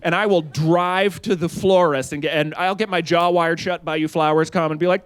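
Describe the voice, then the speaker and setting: A man in his forties doing a live stand-up set on a stage, rambling loosely and jumping into shrill acted quotes. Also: steady tone, moderate pace, clear, resonant tone. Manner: loose, rambling delivery with sudden high-pitched acted quotes. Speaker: stand-up comedian. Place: stage at a live comedy show.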